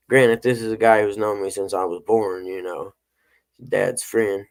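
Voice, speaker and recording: A middle-aged man hosts a casual morning chat in a low, gravelly voice. He rambles through folksy stories in an easygoing way. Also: little pitch movement, a little fast. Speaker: host.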